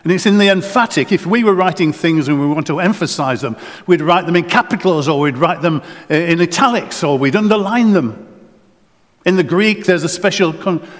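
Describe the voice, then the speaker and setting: A man preaching a sermon in earnest, often repeating words and restarting phrases. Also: high-pitched. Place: church. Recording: long church reverb.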